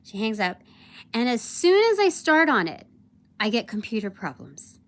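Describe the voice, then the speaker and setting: Young woman, slightly high voice, vlogger who rambles and vents in a loose storytelling style. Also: moderate pace. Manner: rambling, animated, many fillers, mimics her boss. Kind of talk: casual livestream storytelling.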